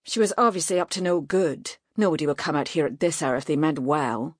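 A sneering, hot-tempered male mage voiced by a woman narrator in a storybook reading, snapping out scornful demands at a brisk pace. The voice is a little louder than the narration and sounds dry and close. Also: low voice, no echo. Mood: contemptuous.

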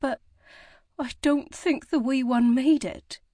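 Woman narrator voicing a gentle, urging midwife for an audiobook, close and dry. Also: fairly even intonation, slow pace, dry recording. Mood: coaxing. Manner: high, coaxing and gentle. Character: kindly old village midwife, tender and urging.

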